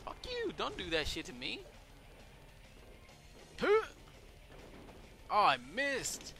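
A man giving casual let's play commentary over a wrestling game, excitable and swearing, yelling at the game and shouting out moves. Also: sits high, unhurried, long pauses. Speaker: gameplay commentator.

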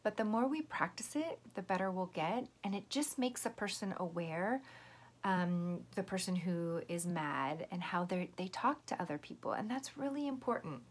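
A woman teacher giving a patient, gentle lesson to young children, explaining step by step. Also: on the low side, animated, normal speed.

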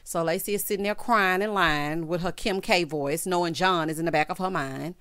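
A woman's voice: lowish voice, normal speed, clear, resonant tone, dry recording, studio quality. A woman giving a sassy, casual recap of a reality TV show, mimicking the cast as she goes. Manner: sassy, animated, mimics the cast in quoted voices.

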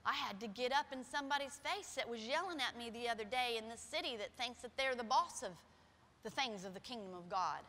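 A middle-aged woman pastor preaching a sermon with personal stories in a church, shifting from soft, quiet passages to loud, emphatic ones. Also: fairly high pitch, expressive, fairly quick. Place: church sanctuary. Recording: long hall reverb.

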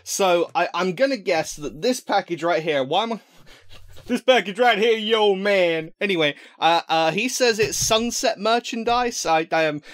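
A man's voice: fairly high pitch, a bit bright, dry recording. A young man rambling and joking as he unboxes fan mail at home into a desk microphone, full of fillers and restarts. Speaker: vlogger opening fan mail. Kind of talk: casual unboxing vlog. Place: room at home.

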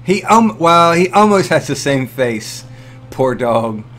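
A fairly high-voiced man chats loosely through a live stream, hyped up and swearing freely as he reacts to what viewers send in. He laughs easily and calls out to people by name, with faint music playing behind him. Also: slow pace. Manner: excitable and profane, laughs often, greets chatters by name. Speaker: livestream host. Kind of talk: casual live-stream chat, reading viewer messages.

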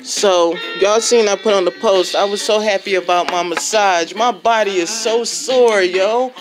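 A woman's voice: medium pitch, unhurried. Fervent woman preaching over music. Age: adult with a child and parents. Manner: fervent, exhorting, repetitive. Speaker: religious vlogger. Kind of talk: impassioned preaching testimony.

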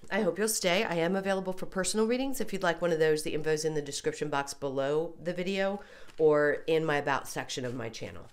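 A woman's voice: sits low, fast talker. A woman tarot reader talking casually through a reading, congested and getting over being sick, chatty with apologetic asides. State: congested, recovering from illness.

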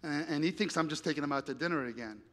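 A man's voice: fairly high pitch, quick pace, fairly bright tone. A male pastor preaching a sermon, telling a story and acting out the dialogue, then building to emphatic appeals. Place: church sanctuary. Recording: long church reverb.

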